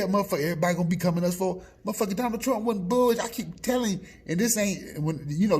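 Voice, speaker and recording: A man with a husky voice, ranting loudly and profanely, swinging between shouts and mutters. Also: medium pitch. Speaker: blogger. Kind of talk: profane off-the-cuff rant.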